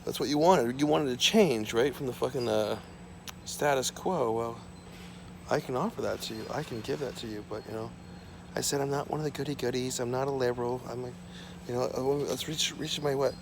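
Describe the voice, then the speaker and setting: A man's voice: medium pitch, fairly quick, vocal fry, noisy background. A man rambling and ranting to his camera at home, profane and repetitive, drifting from topic to topic. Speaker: vlogger. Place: small home.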